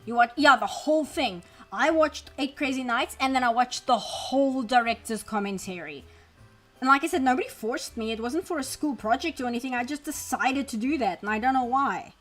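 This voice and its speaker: A woman's voice: high voice, a little fast, a bit bright. A woman chatting casually while drawing on a live stream, rambling wryly and poking fun at herself. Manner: chatty, wry, self-deprecating rambling; reads and answers chat messages. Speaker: art streamer. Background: faint background music.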